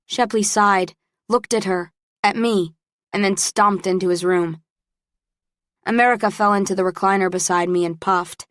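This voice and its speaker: A woman narrating a romance audiobook in first person, with even, close storytelling on a studio mic. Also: medium pitch, normal speed, no echo.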